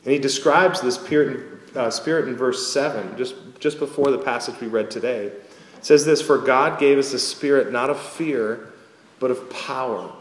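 A man preaching a sermon as pastor, earnest and lively with wry asides, in a church sanctuary. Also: mid-range voice, moderate pace. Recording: echoey hall with long reverb.

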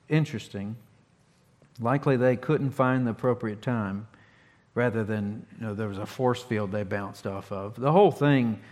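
A man's voice: medium pitch, long reverb tail. A man preaching a conversational sermon in a folksy, plainspoken way, restarting phrases and punching key words. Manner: folksy, plainspoken, restarts often, animated emphasis. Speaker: pastor.

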